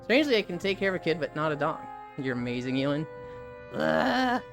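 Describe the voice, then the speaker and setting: Woman streamer, low register, loose and unfiltered, swears casually, desk mic. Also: animated, racing, over music. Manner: rambling and candid, swears freely. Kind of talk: casual live-stream chat. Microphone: desk microphone.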